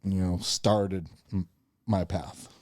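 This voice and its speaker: A man from the northern United States, co-hosting a faith podcast and telling a story in a lively, chatty way. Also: low voice, slow pace, no room sound, studio quality. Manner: animated storyteller, acts out quoted voices. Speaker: podcast co-host. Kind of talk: casual storytelling chat.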